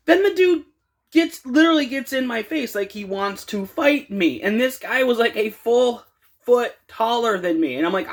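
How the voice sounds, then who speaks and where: A man casually telling a work story for a vlog, animated and acting out the dialogue. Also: very high voice, moderate pace. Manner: animated, retelling with quoted dialogue.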